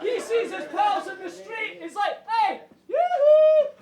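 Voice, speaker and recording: A Scottish man battle rapping, mocking his opponent and laughing as he shouts punchlines. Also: very high voice, normal speed, vocal fry. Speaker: battle rapper. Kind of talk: rap battle verses over crowd. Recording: echoey venue, loud crowd and noise.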